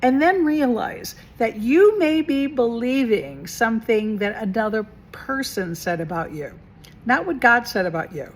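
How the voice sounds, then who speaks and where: An unhurried, animated woman with a fairly high voice mentors her viewers directly in a laid-back self-help vlog. As a coach, she chats away, throwing out rhetorical questions and echoing key phrases for emphasis.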